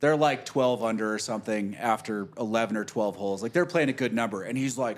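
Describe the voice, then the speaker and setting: A man's voice: lowish voice, fairly quick, few pauses. A man casually telling a long golf story, swearing freely and acting out what people said. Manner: animated, profane storyteller who acts out quotes.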